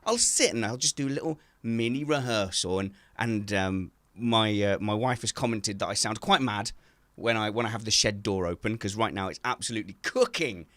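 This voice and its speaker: A man hosting a casual podcast from his garden shed, self-mocking and animated as he tells stories. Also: fairly low pitch, moderate pace, no room sound. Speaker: podcast host.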